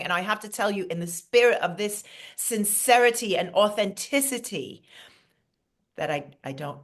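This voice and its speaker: A woman from Queens with a New York accent, giving a playful comedic monologue over a video call. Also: medium pitch. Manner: playful, quick banter with asides.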